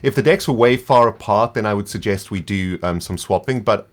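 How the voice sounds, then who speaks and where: A man's voice: on the low side, a little fast. A man with a South African accent chatting casually as a guest player, patiently explaining game rules with easy laughs and trailing fillers.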